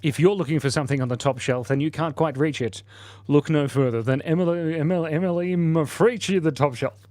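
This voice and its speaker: A man's voice: a little high, fairly quick, darkish tone, no room sound. A man hosting a casual live stream, chatting playfully and laughing while he draws and reads out viewer comments. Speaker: livestream host.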